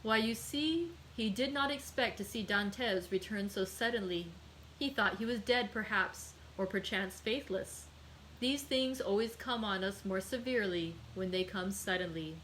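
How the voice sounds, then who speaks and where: A woman's voice: medium pitch, normal speed, a bit bright, slight background noise, natural voice, rough recording. A woman doing sly scheming Danglars. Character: sly scheming man, cool and needling.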